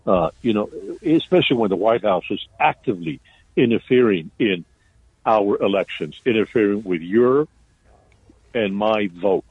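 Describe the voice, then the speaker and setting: A man's voice: fairly low pitch, lively intonation, slightly rough, no echo. Impassioned man on a tinny phone line. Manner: impassioned, halting with many fillers. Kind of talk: impassioned political commentary.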